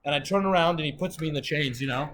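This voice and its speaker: A man's voice: on the high side, fast, fairly bright tone, a little hiss or hum. A man telling a rambling, profane story as a guest in a casual chat.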